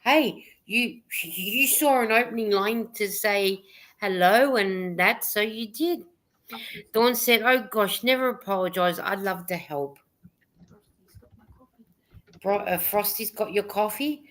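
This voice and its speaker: A woman's voice: medium pitch, slow, fairly bright tone. A woman co-hosting a casual livestream chat, reading viewers' comments aloud and laughing often.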